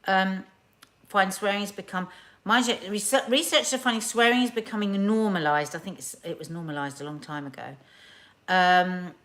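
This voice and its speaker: A woman's voice: medium pitch, moderate pace, fairly bright tone. A woman hosting a live stream, chatting casually and reading viewer comments aloud with playful, exaggerated delivery. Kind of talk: casual chat.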